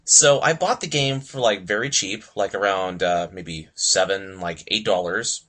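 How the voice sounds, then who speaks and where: A man's voice: deep voice, unhurried, sharp tone. A man co-hosting a casual gaming podcast, rambling with lots of fillers and laughing often. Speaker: podcast co-host. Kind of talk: casual chat.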